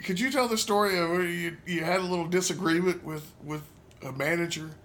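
A man's voice: high voice, a little fast, a bit bright. A man hosting a podcast, chatting casually and steering the conversation. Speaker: podcast host.

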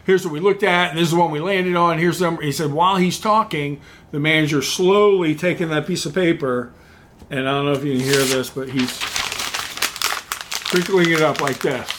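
Bright-voiced man telling car-lot stories. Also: brisk, a little hiss or hum. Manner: animated, acts out quoted voices with rising pitch. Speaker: podcast co-host. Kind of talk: casual chat, storytelling.

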